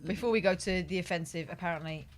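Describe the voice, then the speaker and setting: A woman's voice: on the low side, quick pace, a little hiss or hum. A woman co-hosting a podcast, dropping wry, teasing remarks into the chat. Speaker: podcast co-host. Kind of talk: casual chat.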